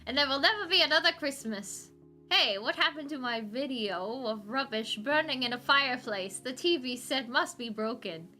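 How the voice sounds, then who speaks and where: Girl doing a gloating evil robot-maker guy, sneery, bright and a bit high. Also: animated, moderate pace, soft background music. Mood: scheming. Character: scheming villainous male robot-maker Scrooge. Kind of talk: comic read aloud with voices.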